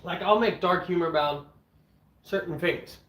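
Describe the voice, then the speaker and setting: A man streaming from home with his dogs, chatting casually as he eats, blunt and opinionated, clearing his throat often. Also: high voice, normal speed, heavy background noise. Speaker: streamer eating on camera and answering chat. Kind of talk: casual rambling chat and rant. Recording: echoey room.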